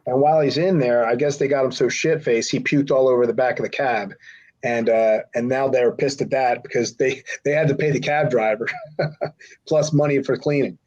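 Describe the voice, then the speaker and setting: A middle-aged man at a middle pitch tells a long anecdote in a loose, rambling way, slipping into voices for the people he quotes. The recording sounds a little dull and lo-fi. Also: fairly even intonation, normal speed, darkish tone. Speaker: podcast guest, former wrestler. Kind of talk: casual storytelling. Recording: slightly dull lo-fi audio.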